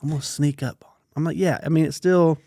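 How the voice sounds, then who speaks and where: Brief: male podcast co-host, lively storyteller who acts out voices and whispers for effect, close dry sound. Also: a little high, quick pace, no echo. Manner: animated storyteller, acts out quotes, drops to a whisper. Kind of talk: casual chat, storytelling.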